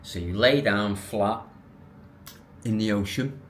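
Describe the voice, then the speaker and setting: A man telling a personal story to camera in a casual, animated, rambling way, restarting and correcting himself. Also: on the low side, takes it slowly, a little hiss or hum. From England. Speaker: vlogger.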